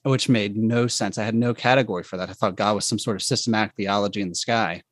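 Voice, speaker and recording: A man telling a personal faith story in conversation, speaking haltingly and reflectively with many restarts. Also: fairly low pitch, steady tone, no echo.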